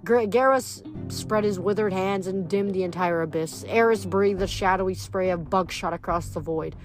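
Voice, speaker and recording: A woman's voice: medium pitch, moderate pace, over music. A woman reading a novel aloud with expression, adding her own short comments between chapters. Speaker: reader.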